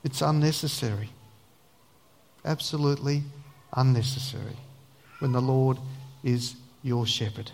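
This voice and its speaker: A man preaching a sermon in an earnest, emphatic way, then praying softly. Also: mid-range voice, unhurried, pauses often, in a large hall. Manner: earnest, emphatic preaching, dropping to a soft prayer voice. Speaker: pastor.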